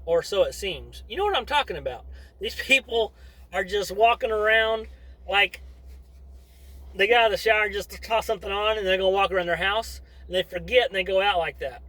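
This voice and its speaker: A middle-aged vlogger and father rambles to the camera in a casual, wandering monologue, often veering into asides. His high voice is brisk, pushed, and bright, and the audio quality is poor.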